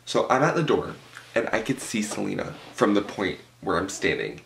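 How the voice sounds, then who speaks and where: A young man telling an animated, profane story at home, full of "like" fillers. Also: fairly low pitch, normal speed, vocal fry, a little hiss or hum. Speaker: vlogger. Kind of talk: storytime vlog. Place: home room with a cloth backdrop.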